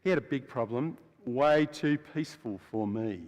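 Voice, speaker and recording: A preacher playing Barabbas, blunt ex-prisoner. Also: male voice, medium pitch, moderate pace, voice pushed down, lightly acted. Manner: chatty, storytelling, swings between loud and hushed. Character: adult male prisoner Barabbas, rough and blunt. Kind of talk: first-person dramatic monologue in a sermon. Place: church. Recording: long church hall reverb.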